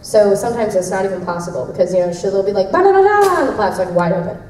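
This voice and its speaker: A woman's voice: medium pitch, steady tone, very fast, dark tone, distant mic, a little hiss or hum. Bubbly woman on an echoey convention panel. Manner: bubbly, laughs often, acts out voices in stories. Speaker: voice actress answering fan questions. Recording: echoey hall, mic heard from afar.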